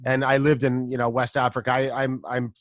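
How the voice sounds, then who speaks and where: A man's voice: medium pitch, a little fast, dry recording, studio quality. Rambling American man hosting a podcast. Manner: relaxed, rambling, frequent ums and throat clearing. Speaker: podcast host. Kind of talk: casual conversational interview.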